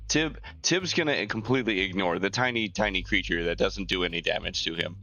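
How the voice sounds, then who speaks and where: A man playing a tabletop game as a player, talking in a halting way with many ums and uhs. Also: sits low, creaky, bright, forceful tone. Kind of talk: tabletop role-play as a player.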